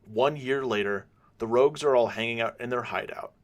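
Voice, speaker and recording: Guy narrating a story, measured and steady. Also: medium pitch.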